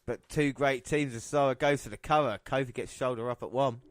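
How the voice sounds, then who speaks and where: A man's voice: medium pitch, a little fast, no room sound, studio quality. A man hosting a podcast, chatting casually and calling match action play by play. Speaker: podcast host. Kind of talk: casual wrestling podcast commentary.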